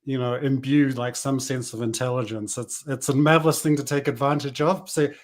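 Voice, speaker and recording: A man's voice: medium pitch, steady tone, a little fast. A middle-aged man with a New Zealand accent, a business coach guest telling his story in an easygoing way. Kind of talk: casual podcast interview.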